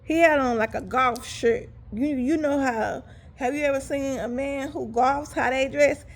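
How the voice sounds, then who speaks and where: A woman's voice: high-pitched, a little slow. A woman telling a story to her viewers in a casual, chatty way, talking straight to them and laughing as she goes. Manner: animated, laughs while telling. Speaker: vlogger.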